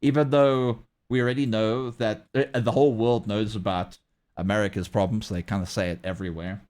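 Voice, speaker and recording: A man's voice: on the low side, fairly even intonation, fairly quick, a little mellow. A young man chatting casually to his livestream audience, rambling and hesitant, with frequent laughs. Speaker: streamer.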